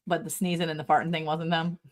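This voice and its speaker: A woman's voice: low voice, flat delivery, fast talker. A middle-aged woman co-hosting a casual livestream, giggling often and reading viewer comments aloud. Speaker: livestream co-host.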